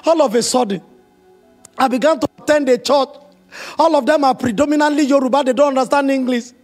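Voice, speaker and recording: A man preaching a sermon as pastor, telling stories with emotional, animated quoted dialogue. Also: extremely high pitch, brisk, soft background music.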